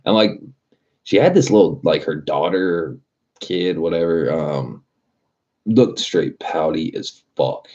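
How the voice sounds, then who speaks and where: A man's voice: deep voice, animated, slow, a little mellow, muffled recording. A man hosting a casual livestream, telling a rambling, profane work story and laughing at himself. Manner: profane, rambling storyteller who laughs at his own stories. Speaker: livestream host.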